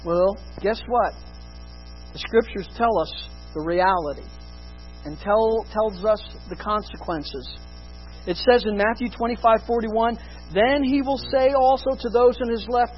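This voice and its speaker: A preacher giving an expository sermon, emphatic, rising to loud stresses and dropping to hushed lows. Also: unhurried, dull audio, faint music behind.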